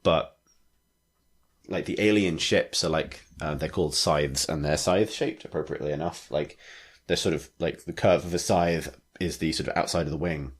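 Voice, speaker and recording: Deep-voiced rambling podcast guy. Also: normal speed, breathy edge. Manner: rambling, full of "like" fillers. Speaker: podcast co-host. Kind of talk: casual chat.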